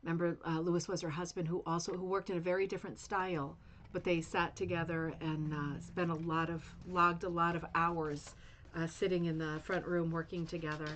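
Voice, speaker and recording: A woman's voice: lowish voice, little pitch movement, a little fast, a bit bright, slight background noise. Chatty woman host gushing over a gift. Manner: chatty, gushing, rambling with many fillers. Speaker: rug hooking channel host. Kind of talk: casual chat to camera.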